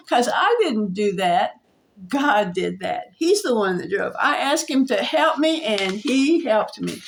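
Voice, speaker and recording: Higher-voiced woman telling a personal story. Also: sing-song, gravelly. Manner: halting, with restarts and soft laughs. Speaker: vlogger.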